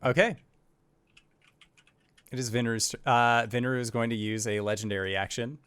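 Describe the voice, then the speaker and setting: A man's voice: medium pitch, steady tone, fairly bright tone, clean tone, no echo. Man running a tabletop game, dry sound. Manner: matter-of-fact, brisk rulings. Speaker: game master.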